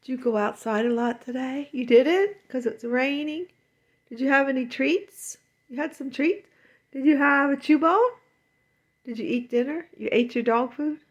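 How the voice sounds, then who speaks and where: Woman, high voice, very slow, doting sing-song baby talk to her dog, dull lo-fi home audio. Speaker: dog owner. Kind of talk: casual talk to her pet.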